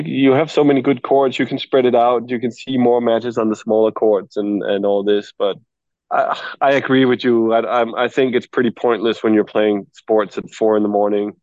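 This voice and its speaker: A man's voice: lowish voice, darkish tone, no echo, lo-fi sound. A male tennis coach joining a panel and thinking aloud, with many restarts. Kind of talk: casual chat.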